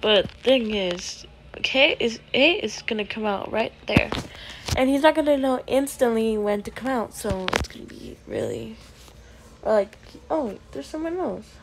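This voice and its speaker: A woman records casual gameplay commentary for her video channel. Her voice sits a little high, and her pace is unhurried. She chats along and then breaks into excited yelling at the game. A faint hum of noise sits behind her. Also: vocal fry. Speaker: gaming video creator.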